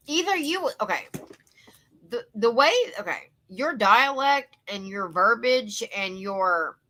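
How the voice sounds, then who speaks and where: A woman's voice: medium pitch, bright, forceful tone. A woman from Louisiana with a Southern accent, giving a profane, indignant reaction commentary. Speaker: commentary YouTuber.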